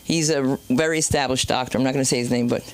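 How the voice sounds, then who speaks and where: A woman comedian hosting an open mic night, telling a rambling stand-up story with swearing and sudden loud and low turns. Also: racing. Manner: animated, swearing, jumps between loud and low. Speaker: comedian and show host. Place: small comedy club stage.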